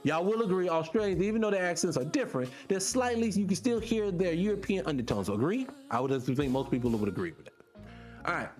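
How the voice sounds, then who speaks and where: Here's a man with a high, lively voice, swinging up and down constantly as he holds forth on his show. He talks straight to his audience in a loose, profane monologue, piling on rhetorical questions. Soft music plays faintly behind him. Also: quick pace. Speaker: podcast host. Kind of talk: casual monologue to viewers.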